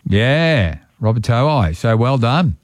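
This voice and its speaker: A man's voice: medium pitch, sing-song, takes it slowly, dry recording. A man with an Australian accent hosting casual talkback radio, chatting with callers in a matey way. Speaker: radio host. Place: radio studio. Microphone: studio microphone.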